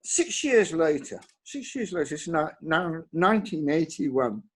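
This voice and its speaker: An older man, a composer, telling career anecdotes in an interview with a halting, restarting delivery. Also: a little high, breathy edge. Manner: halting, restarts words often, lively storytelling.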